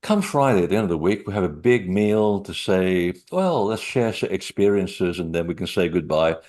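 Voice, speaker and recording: Animated low-voiced man. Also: normal speed. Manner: animated, laughing storyteller. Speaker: guest speaker, author on sacred sites. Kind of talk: storytelling in a webinar talk.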